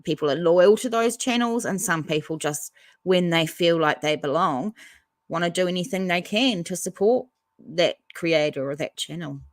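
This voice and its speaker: A woman's voice: lowish voice, normal speed, no echo, studio quality. A woman hosting a casual livestream, reading out viewer comments and chatting back to them. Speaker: livestream host reading chat.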